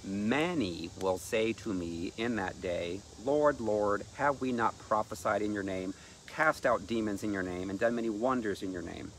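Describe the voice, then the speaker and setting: A man's voice: lowish voice, moderate pace, fairly bright tone, a little hiss or hum. A man preaching in an emphatic sermon style, reading scripture aloud and exhorting listeners.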